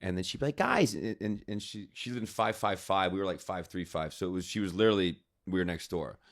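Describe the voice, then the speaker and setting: A fairly low-voiced man spins rambling anecdotes as a podcast guest, stacking fillers and restarts as he goes. His voice is close and dry, with no room around it. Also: steady tone, quick pace, no room sound. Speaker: guest, actor. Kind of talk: casual storytelling interview.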